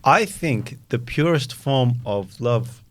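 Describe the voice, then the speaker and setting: A man giving his opinion on a casual podcast. His mid-pitched voice moves a lot up and down, and he feels his way through his points with fillers. He sounds like he's working it out as he talks. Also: expressive, takes it slowly. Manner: thoughtful opinions with filler words. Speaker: podcast co-host. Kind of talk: casual chat.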